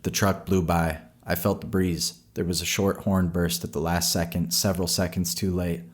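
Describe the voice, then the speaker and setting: A man narrating a horror story in a slow, measured storytelling voice. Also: low voice, flat delivery.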